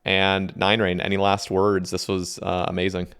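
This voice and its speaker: A man's voice: deep voice, completely flat delivery, moderate pace, fairly bright tone, clear, resonant tone. A man hosting a casual podcast, agreeable and easygoing, often repeating himself. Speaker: podcast host.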